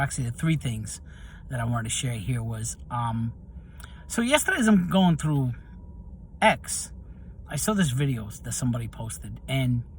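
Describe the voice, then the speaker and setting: Gravelly man telling stories to camera. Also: mid-range voice, a little hiss or hum. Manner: storytelling, animated when recounting anger. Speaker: video host. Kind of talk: casual monologue to camera.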